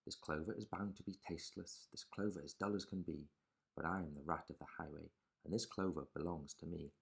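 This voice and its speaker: A man voicing a greedy, bullying male rat highwayman in a storybook reading, gruff and swaggering. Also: fairly even intonation, brisk, full character voice.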